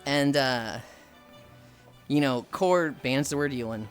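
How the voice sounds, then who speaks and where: A woman streamer chatting casually with friends and her chat, telling stories with lively quoted voices. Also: very deep voice, takes it slowly, faint music behind. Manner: animated storytelling, acts out quoted people.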